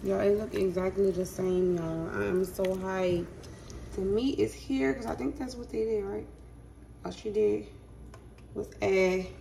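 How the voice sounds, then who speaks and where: A woman's voice: medium pitch, creaky, dark tone, slight background noise. Chatty woman in an echoey kitchen. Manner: chatty, talks to viewers as "y'all", hums while cooking. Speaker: cooking vlogger. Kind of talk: casual cooking vlog talk. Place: home kitchen.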